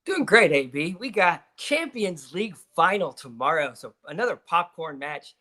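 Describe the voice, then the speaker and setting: Bright upbeat male co-host. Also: on the high side, big pitch swings, normal speed. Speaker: soccer betting co-host. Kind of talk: casual sports chat.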